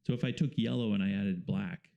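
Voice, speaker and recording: A man with a low, gravelly, mellow voice talks through his craft in an easygoing, rambling way, with plenty of fillers along the way. The sound is dull and lo-fi. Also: a little fast. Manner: relaxed, explanatory, rambling with fillers. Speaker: guest painter. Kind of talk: casual interview talk.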